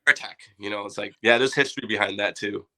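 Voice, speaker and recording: Man, from Canada, podcast guest, casual enthusiastic chat, gravelly, sharp tone. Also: lowish voice, steady tone, racing. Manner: enthusiastic, loose, chatty. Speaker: guest collector.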